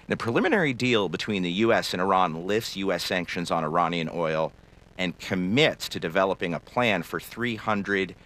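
Deep-voiced man hosting a news panel. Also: fairly bright tone. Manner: crisp, scripted delivery that hands questions to panelists. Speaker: news show host. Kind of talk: broadcast news moderation.

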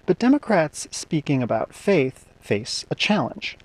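A man reading a scripted radio news report in a measured, even delivery. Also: fairly high pitch.

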